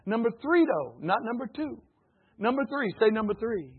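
Male pastor, husky high voice, folksy and animated, phone-thin sound. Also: normal speed. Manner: folksy, animated, calls for audience responses, laughs often. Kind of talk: sermon. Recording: phone-like narrow band.

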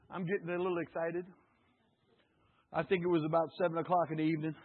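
A man preaching a sermon, calling out questions to the congregation and rising to shouts. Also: on the high side, steady tone, fast, pauses often, very noisy. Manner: call-and-response, rising to shouts. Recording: tinny phone-like sound.

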